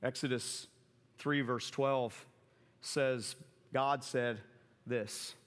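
A man's voice: medium pitch, steady tone, drawn-out words, big-room sound. A middle-aged man preaching a sermon to his church. He talks casually, then acts out the quoted lines with big jumps in his voice. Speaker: pastor. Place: church sanctuary.

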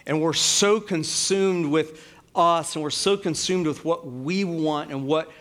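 A middle-aged pastor preaching to his church in a loose, conversational way, leaning on "um" and "like" as he tells a story. His speaking voice sits somewhat high for a man. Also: unhurried, fairly bright tone. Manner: conversational, many fillers like "like" and "um". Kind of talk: sermon with storytelling.

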